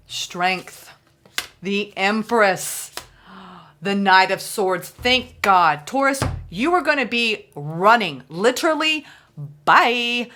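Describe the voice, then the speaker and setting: Lower-voiced woman reading tarot. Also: slight background noise. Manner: reassuring, keeps asking "okay?"; animated, acts out quoted reactions. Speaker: tarot reader. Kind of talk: casual spoken tarot reading.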